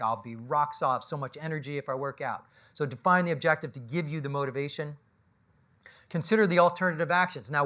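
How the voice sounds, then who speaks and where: An animated male business coach holds forth at a live panel event, his voice bright and sitting a touch high. He speaks in short, punchy bursts full of rhetorical questions. He keeps checking in with the room with a quick "right?". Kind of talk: motivational talk to a live audience. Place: indoor event space with an audience.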